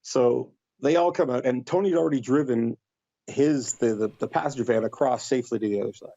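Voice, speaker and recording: Gravelly man telling a wild road story. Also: medium pitch, brisk, no room sound, lo-fi sound. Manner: animated, acts out voices in quotes. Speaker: podcast guest. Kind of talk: casual storytelling.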